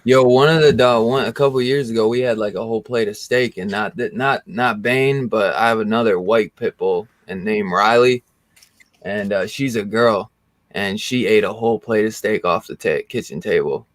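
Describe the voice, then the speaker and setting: Earnest man in relaxed slangy chat. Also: fairly low pitch, normal speed, no echo. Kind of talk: casual chat.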